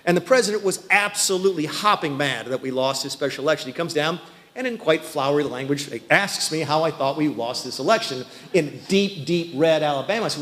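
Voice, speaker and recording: A man's voice: fairly high pitch, expressive, a little fast, fairly bright tone, low-quality recording. A man giving a folksy, self-deprecating rally speech full of anecdotes, recorded in a large venue. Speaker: political speaker.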